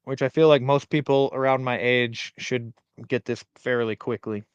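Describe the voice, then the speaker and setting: A man's voice: medium pitch, fairly even intonation, normal speed, smooth, no room sound, lo-fi sound. A man hosting a casual live-stream movie quote quiz, teasing his co-host as he reads lines aloud.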